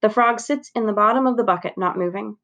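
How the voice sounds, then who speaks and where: A woman steadily reading a children's novel aloud, narrating clearly. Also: mid-range voice, fast, fairly bright tone, highs cut off. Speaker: reader.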